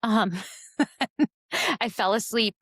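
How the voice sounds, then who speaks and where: A woman's voice: a little high, extremely slow, fairly bright tone, slightly rough, no echo, clean studio sound. A woman co-hosting a podcast in casual chat, rambling with many fillers and laughs. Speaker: podcast co-host.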